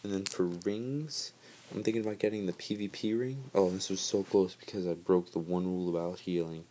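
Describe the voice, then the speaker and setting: A man's voice: sits low, fairly even intonation, fairly quick, dark tone. A man giving casual, chatty gameplay commentary over his footage, joking about himself and laughing often.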